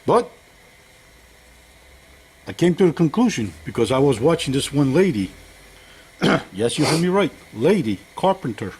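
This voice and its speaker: A man's voice: a little high, big pitch swings, a little slow, long pauses, a little mellow, husky. Folksy older man rambling in his workshop. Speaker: home mechanic vlogger. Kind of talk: casual workshop vlog.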